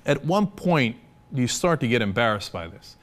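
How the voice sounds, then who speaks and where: A man's voice: medium pitch, very animated, moderate pace. A man giving impassioned, sarcastic political commentary, arguing his point hard. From United States.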